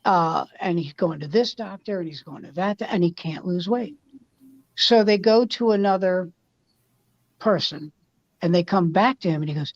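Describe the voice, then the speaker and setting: A woman's voice: fairly low pitch, moderate pace, dry recording, dull audio. A woman comedian telling a showbiz anecdote in casual chat, acting out the people in it. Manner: animated anecdote telling with quoted voices.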